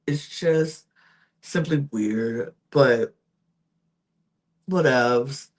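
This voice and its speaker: A young adult woman hosting a podcast, recapping a reality show in a sassy, animated way and acting out the quotes. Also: low voice. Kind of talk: casual recap chat.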